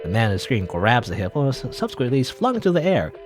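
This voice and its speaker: A man's voice: mid-range voice, wildly swooping pitch, quick pace, faint music behind. A man hosting a let's play, reading a game's text aloud with playful, laughing asides.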